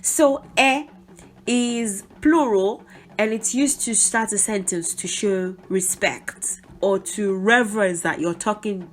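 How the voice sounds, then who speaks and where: A middle-aged woman explains a language lesson at an easy, conversational pace. She talks to the listener directly, with friendly asides and small restarts. Her voice sits at a middle pitch for a woman. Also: takes it slowly. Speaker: Yoruba language teacher.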